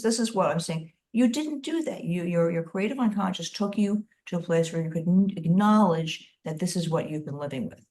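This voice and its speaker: A woman's voice: fairly low pitch, darkish tone. A woman leading a group writing webinar over a video call, emphatic and encouraging, often repeating phrases. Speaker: workshop leader.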